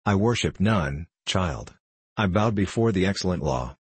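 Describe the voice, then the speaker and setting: A weary old holy man speaks slowly and calmly in stately old-fashioned phrases, as a man reads him in an audiobook. The voice is very deep and husky, recorded close and dry. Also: no echo, full character voice. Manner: calm, archaic formal speech. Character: weary gentle old Tibetan lama, male. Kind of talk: audiobook character reading.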